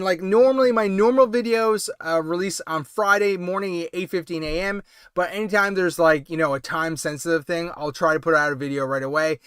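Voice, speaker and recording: A man's voice: fairly high pitch, a bit bright, clean tone, no echo, clean studio sound. A man hosting a late-night toy-collecting livestream, chatting casually and rambling with lots of hedges and fillers. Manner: rambling, hedging with many ums and I means. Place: home, late-night stream.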